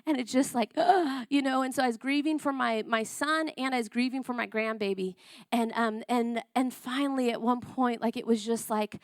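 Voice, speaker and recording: A woman's voice: fairly high pitch, steady tone, fairly quick, dry recording, clean studio sound. A woman preaching a sermon, telling a personal testimony in an emotional, conversational way and often repeating herself.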